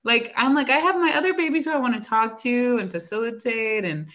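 A young woman, a teacher, chatting casually and acting out her students and herself in animated stories. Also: fairly high pitch, fairly quick. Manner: animated storytelling, acts out student dialogue, frequent "like". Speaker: elementary school teacher. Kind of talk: casual chat.

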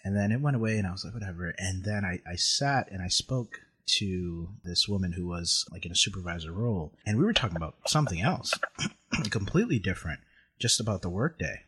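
A man with a low, slightly husky voice speaks in a relaxed, conversational way. He tells a personal story earnestly and reflectively, and his feeling comes through as he talks. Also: brisk. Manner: earnest, reflective, emotional at times.

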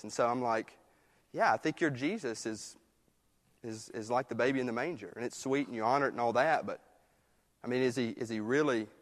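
A man preaching a sermon in a conversational way, moving between quiet, hushed passages and emphatic ones. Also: mid-range voice. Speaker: pastor. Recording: long reverb of a church hall.

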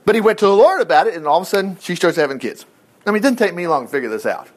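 A middle-aged man preaching a sermon as pastor, telling stories in a folksy, animated way with chuckled asides. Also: high-pitched, very fast.

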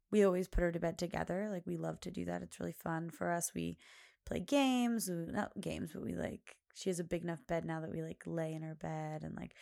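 Gravelly low-voiced woman chatting. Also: a little mellow, dry recording, clean studio sound. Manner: rambling, filler-heavy storytelling. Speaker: podcast host. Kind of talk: casual chat.

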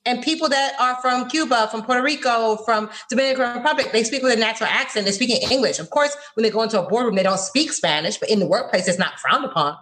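Fast-talking animated woman. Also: a little high. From Florida, USA. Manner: animated, expressive storytelling. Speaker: guest. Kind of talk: conversational interview.

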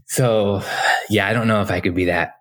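A man's voice: on the low side, fairly even intonation, moderate pace. A man in his forties, a guest in an interview, telling stories about his design career in a chatty, anecdotal way, full of fillers and restarts. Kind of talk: casual storytelling interview.

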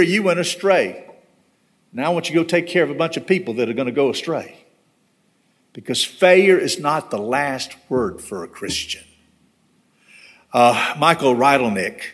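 A man's voice: medium pitch, a bit bright. A man, a pastor, preaching a storytelling sermon in a church and closing in earnest prayer. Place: church sanctuary.

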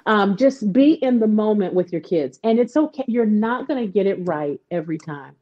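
Animated mother telling stories, mellow tone. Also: medium pitch, normal speed, muffled recording, slight background noise. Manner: animated storyteller, acts out quotes. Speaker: guest. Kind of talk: casual conversation.

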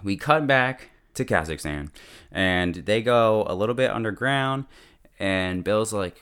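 A man's voice: lowish voice, lively intonation, unhurried, fairly bright tone, clean tone. A man giving a casual, chatty recap of a TV episode, full of fillers and laughter. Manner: chatty, lots of "like", laughs often. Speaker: show reviewer.

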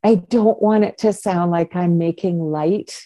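A woman's voice: lowish voice, unhurried, warm tone, no echo. An older woman co-hosting a parenting podcast, giving playful advice in a casual chat and laughing often. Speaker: podcast co-host, parenting coach.

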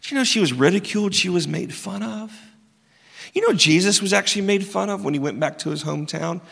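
A man's voice: sits high, lively intonation, a little fast, vocal fry, a bit bright. A man preaching a sermon, talking casually, joking with the congregation and firing off rhetorical questions. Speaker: pastor. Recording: long hall reverb.

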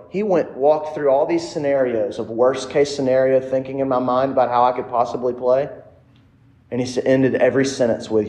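A man's voice: medium pitch, fairly even intonation, a little fast, warm tone, reverberant. A man preaching a sermon in a casual, conversational way, telling a personal story and turning often to the audience. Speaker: pastor.

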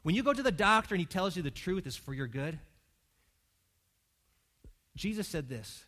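A male pastor preaching a conversational sermon in church, swinging between loud emphatic lines and hushed quiet ones. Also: sits high, big pitch swings, a little slow, long pauses.

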